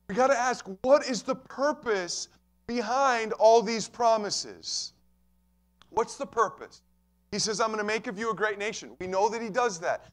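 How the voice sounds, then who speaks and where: A man's voice: sits high, a bit bright. A man pastor preaching a sermon, emphatic and repeating key phrases, addressing listeners as friends.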